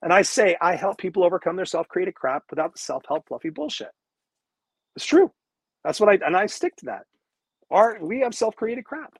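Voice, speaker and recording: Man, motivational coach, live-streamed talk, husky, slightly high, emphatic, profane, earbud mic. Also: animated, normal speed, no room sound. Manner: emphatic, profane, preachy repetition. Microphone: wireless earbuds.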